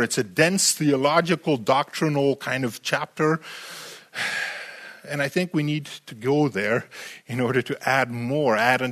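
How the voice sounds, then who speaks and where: A man preaching a sermon, animated and full of rhetorical questions to the congregation, often repeating words as he restarts. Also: mid-range voice.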